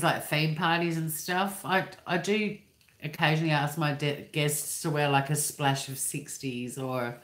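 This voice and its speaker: An Australian woman in her fifties, hosting a livestream from home in a rambling casual chat and swearing freely. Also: deep voice. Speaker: livestream host. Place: living room at home. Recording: roomy echo.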